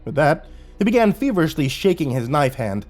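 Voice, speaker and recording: Guy reading a scary story, steady, bit of music under it. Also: fairly high pitch, brisk. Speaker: horror story narrator. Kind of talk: scripted horror narration.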